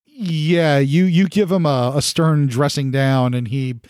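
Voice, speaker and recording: A man's voice: fairly high pitch, fairly even intonation, slow pace, a little mellow, dry recording, clean studio sound. A man acting as game master, narrating a tabletop game in a casual, easygoing way.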